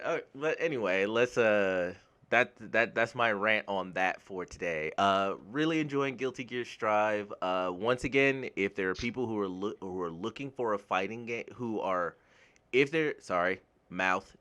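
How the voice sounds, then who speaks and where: A man from the United States giving a casual, blunt gaming commentary rant, swearing freely and getting animated when worked up. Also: on the low side, unhurried, smooth. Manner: blunt, swears freely, laughs at own jokes. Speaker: gaming YouTuber.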